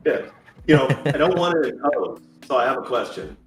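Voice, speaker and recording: A man calling in as a co-host, joking in a deadpan, playful way. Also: medium pitch, brisk, reverberant. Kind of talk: joking banter.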